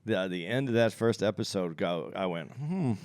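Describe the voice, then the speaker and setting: A man's voice: low voice, moderate pace, clean tone. A man co-hosting a podcast in casual chat, opinionated, thinking aloud and circling back to his point. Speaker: podcast co-host.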